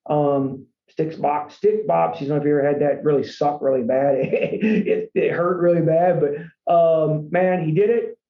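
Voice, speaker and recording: A man tells his story as a podcast guest in an earnest, rambling way, his voice sitting fairly high. He sounds as if he is in a roomy, echoing space. The recording is dull and lo-fi. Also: fairly even intonation, normal speed, few pauses. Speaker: franchise company CEO, podcast guest. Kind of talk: casual storytelling interview. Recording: echoey room, dull lo-fi sound.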